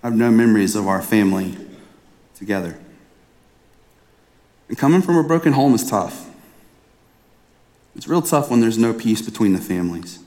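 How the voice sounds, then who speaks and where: A man's voice: on the low side, expressive, normal speed, pauses often, warm tone. A man in his thirties preaching a sermon as a pastor, telling a personal story in an earnest, conversational way and often restarting his phrases. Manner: earnest, conversational storytelling with frequent repeated starts.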